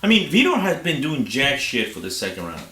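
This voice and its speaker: A man's voice: mid-range voice, wildly swooping pitch, a little fast, pushed and bright, echoey room. A man co-hosting a fight review podcast, talking bluntly and swearing often. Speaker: podcast co-host. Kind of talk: casual chat.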